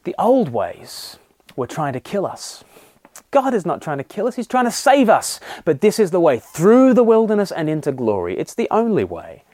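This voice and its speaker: Lively, earnest male Bible teacher. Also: sits high, moderate pace, no room sound. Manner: earnest, animated preaching that acts out grumbling voices. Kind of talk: short daily Bible devotional.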